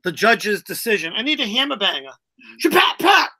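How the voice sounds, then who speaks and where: A woman's voice: mid-range voice, lively intonation, quick pace, pushed and bright. A woman hosting a casual live stream, playful and prone to giggling as she reads. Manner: playful, breaks into giggles while reading. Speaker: host.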